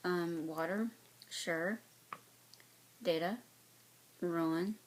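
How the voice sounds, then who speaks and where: A woman's voice: on the low side, drawn-out words, rough recording. A woman from North Carolina with a light Southern accent, chatting casually to her viewers with lots of fillers and restarts. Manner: rambling, many fillers and restarts. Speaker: cross-stitch vlogger. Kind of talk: casual chat to camera.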